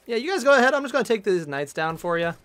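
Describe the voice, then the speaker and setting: A male streamer chatting casually while playing, excitable and swearing, with loud outbursts. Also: sits high, rapid-fire, faint music behind. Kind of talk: casual gaming chat.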